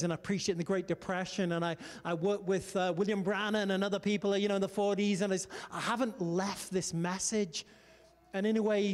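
A male pastor preaching in an animated storytelling style, often calling out to his congregation. His voice sits high for a man. The sound rings with the long reverb of a church hall. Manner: storytelling, animated preaching with "come on" and "amen" calls. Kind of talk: sermon.

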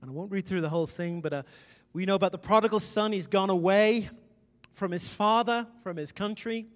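High-voiced preacher in an echoing hall. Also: male voice, a little fast. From Wales. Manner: emphatic, conversational preaching with sudden loud swells. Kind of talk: sermon. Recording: long reverb in a large hall.

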